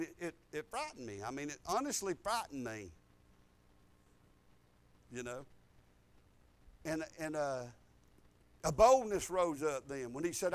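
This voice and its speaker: A man preaching as a pastor, telling a personal testimony, animated, with loud emphatic lines and low quiet stretches, informal speech and restarts.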